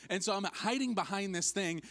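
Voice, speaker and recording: A man's voice: high-pitched, a little fast, fairly bright tone. A man preaching a sermon as its pastor, telling a funny personal story with self-mocking humor and acting out what people said.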